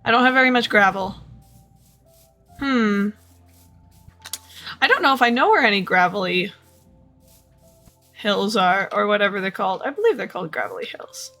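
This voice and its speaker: A woman's voice: medium pitch, normal speed, long pauses, sharp tone, faint music behind. A woman streaming a game, chatting casually to herself and her viewers, playful and tired, often repeating little phrases. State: yawning, tired. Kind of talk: casual gameplay commentary.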